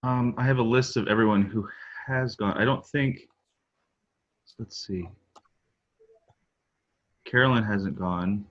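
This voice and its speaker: A man helping run an online class, checking a list of participants in a low-key, helpful way. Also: slow, long pauses, highs cut off. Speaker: co-host keeping the participant list.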